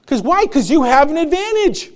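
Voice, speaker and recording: A man's voice: extremely high pitch, very animated, normal speed. A man pastor preaching a sermon in a church service, emphatic, with repeated phrases and call-and-response.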